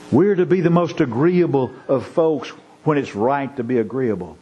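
A man's voice: medium pitch, lively intonation, normal speed, hardly any pauses, mellow, slight background noise, rough recording. A male pastor delivering a sermon, folksy and storytelling, building to emphatic preaching.

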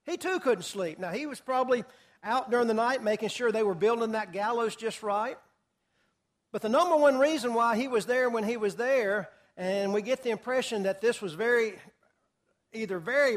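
A man preaching through a Bible passage verse by verse, telling the story in a lively way and putting questions to his listeners. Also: very high-pitched, normal speed. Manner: animated storyteller, asks the audience questions. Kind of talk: expository Bible teaching.

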